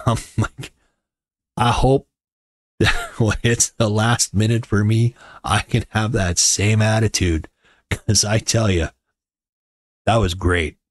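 Wry, low-voiced man telling stories. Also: no room sound, studio quality. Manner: wry, joking, conversational. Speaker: podcast host. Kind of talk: casual storytelling monologue. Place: home.

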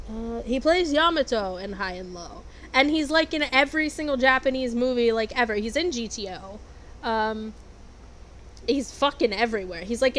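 A woman's voice: fairly high pitch, fairly bright tone. Blunt, foul-mouthed young woman vlogger. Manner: blunt, swears constantly, sarcastic. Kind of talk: casual commentary answering quiz questions. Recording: noisy background.

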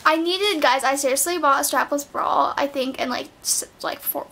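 Teen girl doing a haul vid at home, high voice, gushy, says like a lot, camera mic. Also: moderate pace, sharp tone. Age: late teens. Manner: bubbly, chatty, filler-heavy talk with many "like"s. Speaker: vlogger. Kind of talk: clothing haul vlog. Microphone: built-in camera mic.

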